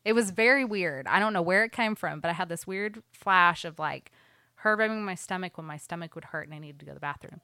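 A woman's voice: lowish voice, fairly quick, sharp tone, clean tone, dry recording, clean studio sound. A young woman telling a story in casual podcast chat, full of "like"s. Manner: chatty storytelling with many "like"s.

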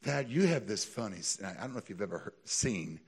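Gravelly, animated man preaching. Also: a little fast. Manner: animated storytelling, builds to high excited peaks, laughs often. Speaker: pastor. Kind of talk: sermon.

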